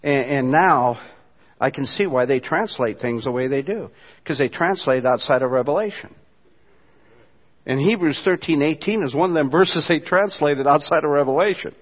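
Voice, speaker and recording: A man with a high voice preaches a sermon to his church, moving between low, quiet asides and loud, emphatic passages. The sound is dull and muffled. It rings with the long reverb of a large hall. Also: moderate pace. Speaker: pastor.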